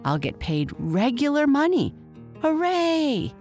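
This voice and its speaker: A woman's voice: low-pitched, a little slow, soft background music. A woman voicing a cheerful, hard-working poor boy who talks eagerly. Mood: excited. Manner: eager, excited.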